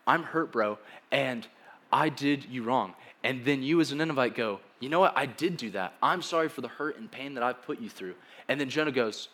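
A man's voice: medium pitch, fairly quick, a bit bright. A young man preaching a sermon in a casual, joking way, acting out the people in the story as he goes. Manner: casual, joking, acts out quoted dialogue.

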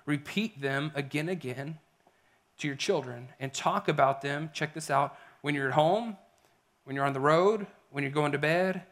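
A middle-aged man preaching a sermon as a pastor, animated, swinging between loud emphasis and hushed whispers. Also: a little high, moderate pace.

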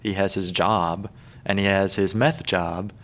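Speaking in a deep voice at a measured pace, a man co-hosts a podcast and talks casually about an episode of a TV show. He keeps the banter easygoing and laughs frequently.

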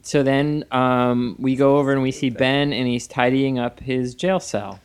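A man's voice: mid-range voice, fairly even intonation, a little slow, clear, resonant tone. A man co-hosting a podcast, recapping a TV episode in laid-back casual chat and laughing often. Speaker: podcast co-host.

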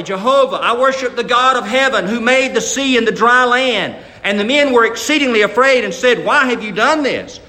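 Folksy male preacher, bright and high, restarts often, echo in the room. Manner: folksy, stammers into restarts, acts out bible characters loudly. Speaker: pastor. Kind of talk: sermon.

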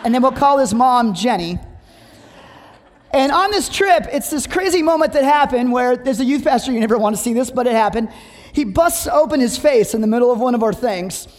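A preacher giving a sermon, reading scripture aloud and telling humorous stories. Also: mid-range voice. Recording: long hall reverb.

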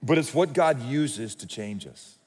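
A man's voice: mid-range voice, animated, unhurried, a little mellow, breathy edge. Man preaching in a reverberant hall. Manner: conversational storytelling with restarts. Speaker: pastor. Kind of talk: sermon. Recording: long reverb of a large hall.

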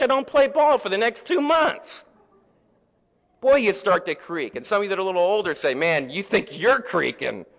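一位中年男牧师在讲道，嗓音偏高，语气像聊天，时而压低时而高亢，大教堂里有长长的回声。. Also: male voice, high-pitched. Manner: conversational, swings from hushed to loud. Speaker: pastor. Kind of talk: sermon. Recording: long echo of a large hall.

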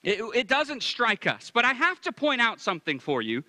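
A man's voice: very high voice, huge pitch swings, normal speed, bright, forceful tone, dry recording. A male pastor preaching a sermon with emphasis, repeating his key phrases.

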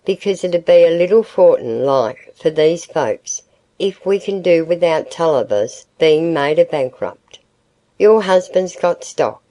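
A woman narrator voices a steady, practical older gentleman who speaks gently but firmly in a low, dark tone. He weighs matters calmly in this period storybook reading. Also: rough recording. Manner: gentle, reasoning.

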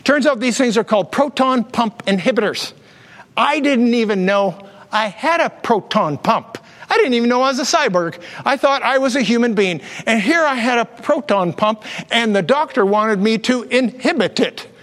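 Long hall reverb follows every word as this high-voiced man in his fifties preaches from the pulpit at a moderate pace. His sermon is built on personal stories told with animated energy, and he switches into voices to quote people.

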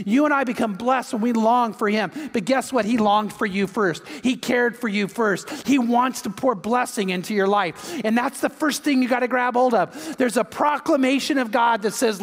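An older male pastor delivers a sermon in a fairly high voice. He tells family stories and then presses his point with emphasis. His words ring out with the long echo of a large hall. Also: a little fast. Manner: warm anecdotal storytelling, then emphatic preaching. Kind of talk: sermon with storytelling.

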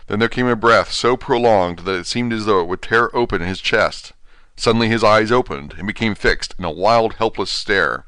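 A man narrating an audiobook in a steady, measured reading. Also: on the low side, clear, resonant tone, dry recording. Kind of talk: scripted narration.

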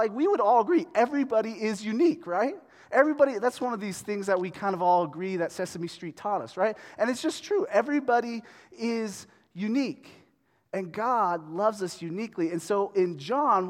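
High-voiced pastor in a reverberant hall. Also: male voice. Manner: joking, chatty, addresses the crowd directly. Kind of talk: casual conversational sermon.

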